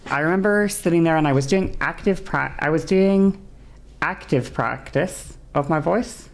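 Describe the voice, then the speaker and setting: A woman's voice: very deep voice, gravelly. A woman streamer with a sore throat, chatting casually and explaining at length, rambling with many fillers and restarts. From English-speaking.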